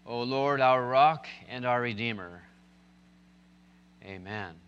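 A man's voice: mid-range voice, slow, long reverb tail, muffled recording, a little hiss or hum. A man preaching a sermon, telling stories and building to emphatic, impassioned points. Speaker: pastor.

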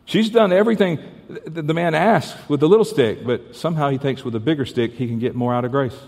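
A man's voice: on the high side, quick pace, a little mellow. A male pastor preaching a sermon, telling stories with stammered restarts and playful asides. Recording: hall reverb.

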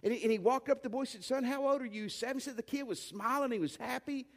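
Male pastor, high pitch, emphatic sermon delivery with homespun asides; recorded in a church with long reverb. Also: racing, creaky. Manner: emphatic preaching with rising commands and folksy asides.

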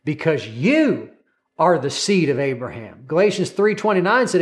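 A man's voice: a little high, very animated, normal speed. A man preaching a sermon, emphatic and repetitive, quoting scripture and calling listeners to repeat after him.

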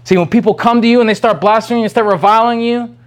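High-voiced man preaching a rambling sermon. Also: steady tone, fast talker. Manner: rambling, restarts often, rising to urgent questions. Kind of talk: informal sermon.

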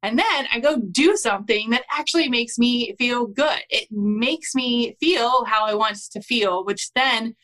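A woman hosting a motivational podcast as a business coach, talking in an excitable, bubbly way with lots of "like" fillers and frequent laughs. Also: fairly high pitch, a little slow, few pauses. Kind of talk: casual motivational pep talk.

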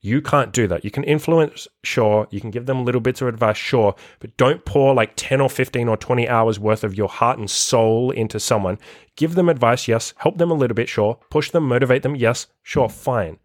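A man's voice: mid-range voice, moderate pace, dry recording, studio quality. A man who coaches people on self-improvement, talking in a blunt, profane, casual monologue full of "like" and acted-out quotes.

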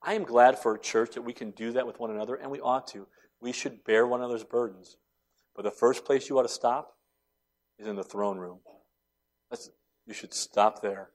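A man preaching a sermon as pastor, building to loud impassioned cries and then dropping to soft, tender tones. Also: medium pitch, steady tone, moderate pace.

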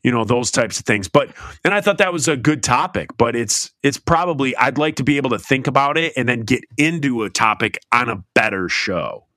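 A middle-aged man co-hosts a podcast in loose, rambling chat and pokes fun at the show. His voice is bright and forceful. The sound is dry and close. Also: medium pitch, animated, brisk, hardly any pauses, no echo. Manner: rambling, self-deprecating, breaks into silly put-on accents. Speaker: podcast co-host. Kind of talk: casual chat.

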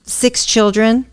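A woman's voice: fairly high pitch, dry recording, clean studio sound. A middle-aged woman hosting a casual chat with her daughter, teasing and reading out prompts. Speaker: mother and host.

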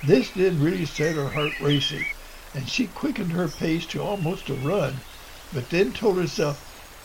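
A man's voice: fairly high pitch, animated, a little slow, slight background noise. A man narrating a storybook tale in an earnest, homespun reading voice with small slips. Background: music.

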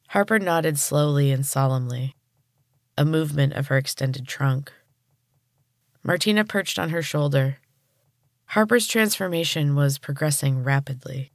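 A woman podcast host reading a story aloud in calm, even narration. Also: deep voice, unhurried, no room sound, studio quality.

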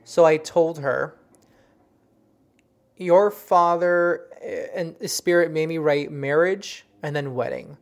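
Earnest, halting storyteller recounting a psychic reading. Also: mid-range voice, creaky. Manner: earnest, halting, with many restarts; softly emotional. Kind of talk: personal storytelling.

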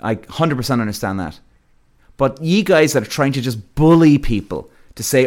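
A man's voice: medium pitch, normal speed, darkish tone. A man hosting a podcast, delivering a blunt, profane rant straight to his listeners. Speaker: podcast host. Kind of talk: ranting monologue to listeners.

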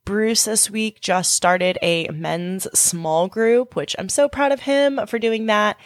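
A woman's voice: fairly low pitch, dry recording, clean studio sound. Earnest woman co-hosting a faith podcast. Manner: earnest, heartfelt, encouraging. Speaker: podcast co-host.

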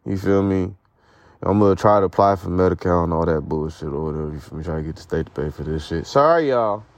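A man's voice: deep voice, fast, no echo. A young man hosting a podcast alone, talking casually in a rambling, profane way while in pain from a foot injury. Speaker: podcast host. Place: sitting outdoors at home.

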